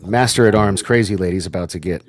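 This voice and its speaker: A man's voice: low voice, fast talker. A man in his forties co-hosting a casual group chat about a TV show, joking and rambling with crude humor. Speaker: podcast co-host.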